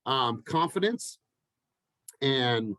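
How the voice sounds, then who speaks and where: A man's voice: mid-range voice, extremely slow, dry recording, rough recording. Emphatic motivational coach, man. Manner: energetic, emphatic, repeats phrases for effect. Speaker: real estate team coach. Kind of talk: motivational team talk.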